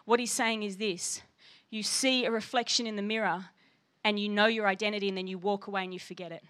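A woman's voice: mid-range voice, steady tone, fairly quick, fairly bright tone. A woman pastor preaching a sermon with passion and emphasis, reading scripture aloud.

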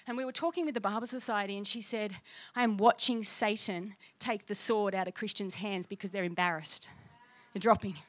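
A woman's voice: mid-range voice, brisk, fairly bright tone. A woman pastor preaching a sermon with passion and emphasis, reading scripture aloud.

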